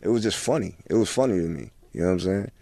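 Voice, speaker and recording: Deep-voiced laid-back man, dry sound. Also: animated, rapid-fire, gravelly, dark tone, no room sound. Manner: laid-back, many "you know what I'm saying" fillers. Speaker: guest rapper. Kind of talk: casual interview talk.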